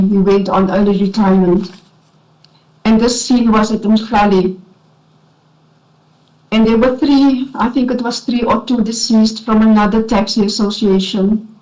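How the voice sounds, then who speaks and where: A South African woman testifying as a witness at a formal inquiry, emotional and shaky, speaking earnestly with halting restarts. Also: medium pitch, darkish tone. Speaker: witness, former police investigator. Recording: dull lo-fi hearing recording.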